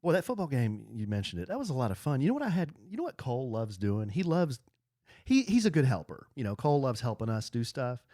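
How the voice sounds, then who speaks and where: A man's voice: mid-range voice, very animated, fast, warm tone, dry recording, studio quality. A man co-hosting a podcast, joking and ribbing his wife, laughing easily. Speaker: podcast co-host. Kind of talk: casual chat.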